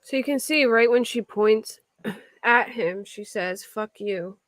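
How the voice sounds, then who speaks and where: Hosting a true crime livestream, a woman speaks at a measured pace in a fairly high voice, with clean studio sound and no echo. Her casual chat responding to viewer comments rambles, full of restarts and fillers.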